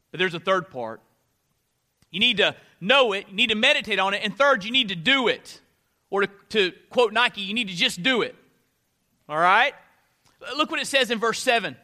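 Pastor guy preaching, high bright voice, goes loud then drops quiet. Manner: dynamic preaching, swinging from loud to hushed. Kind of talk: sermon.

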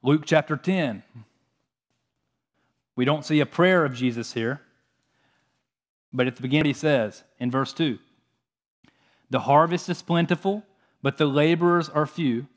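A man delivers a sermon in an earnest, steady manner. His voice sits a little on the high side for a man. He moves between reading scripture aloud and explaining it plainly to a congregation. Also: unhurried, pauses often. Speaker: preacher.

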